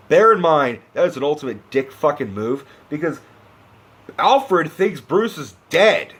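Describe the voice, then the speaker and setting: A man's voice: a little high, sing-song, unhurried, husky. A young man giving a profane, impassioned movie-review rant, sarcastic and acting out characters as he goes.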